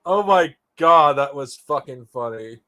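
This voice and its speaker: A man's voice: a little high, expressive, unhurried, over loud music. A man streaming casually, profane and incredulous as he reacts to a clip. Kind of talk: casual live stream chat.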